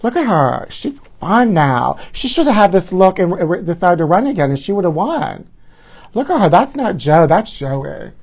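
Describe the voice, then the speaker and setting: This man's voice is high-pitched, sing-song and darkish, at a moderate pace with hardly any pauses. Speaking into the phone camera he's filming himself with, he runs a live gossip show solo. His solo livestream chat is campy and sassy.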